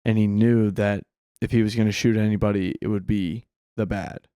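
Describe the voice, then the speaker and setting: A man's voice: lowish voice, fairly even intonation, normal speed, dark tone, smooth, dry recording, studio quality. A man co-hosting a casual film podcast, rambling and restarting his sentences, swearing freely. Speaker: podcast co-host.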